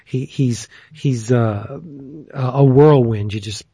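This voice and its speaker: A man's voice: mid-range voice, slow, dark tone, breathy edge, no room sound. A man quoting a worldly, teasing warrior woman. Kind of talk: casual chat.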